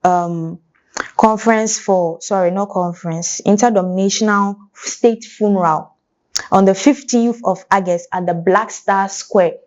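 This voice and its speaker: A woman's voice: medium pitch, steady tone, unhurried, darkish tone. Ghanaian woman, young, emotional casual commentary, repeats herself lots, kinda muffled sound. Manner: emotional, repeats phrases, sighs, many fillers. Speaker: news commentator.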